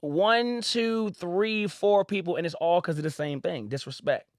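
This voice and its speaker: Man, high voice, animated storyteller, boutique owner, casual podcast chat, dry close mic. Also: a little slow, dry recording. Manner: animated, acts out other people's voices.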